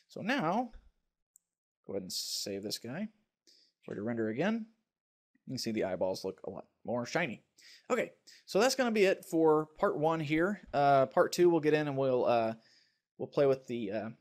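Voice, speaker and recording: Guy walking through a software tutorial, laid back, lots of uh's. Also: mid-range voice. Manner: relaxed, thinks aloud with fillers. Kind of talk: screen-recorded software tutorial.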